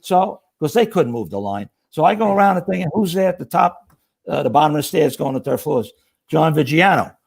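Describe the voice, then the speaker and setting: A man's voice: on the high side, a little fast, gravelly, husky. A middle-aged man telling fire stories as a podcast guest, acting out the quotes. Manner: animated storyteller acting out quotes. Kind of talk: casual storytelling.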